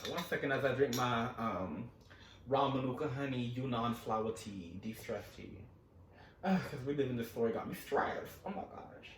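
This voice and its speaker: A man telling his own story in a casual vlog, animated, profane and dramatic, acting out every voice, recorded in a roomy space away from the mic. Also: mid-range voice, normal speed, distant mic, a little hiss or hum.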